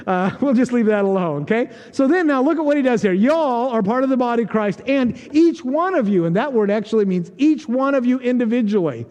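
A man's voice: high voice, a little mellow. A male pastor preaching a conversational, joking sermon and acting out quoted voices. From United States. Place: church sanctuary. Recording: long reverb of a church hall.

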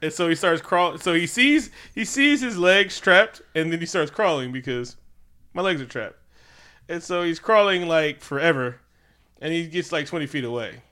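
Bright-voiced joking man. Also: a little high, expressive, moderate pace. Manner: profane, joking, acts out scenes in silly voices. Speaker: podcast co-host. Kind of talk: casual movie review chat.

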